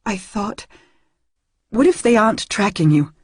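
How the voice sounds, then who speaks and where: A sharp-tongued middle-aged mother who snaps back defensively, as a woman narrating voices her. She has a husky, breathy tone and speaks up with tension. The recording is dry and close. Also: mid-range voice, animated, unhurried, no echo, voice pushed up. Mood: worried. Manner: snappish, defensive.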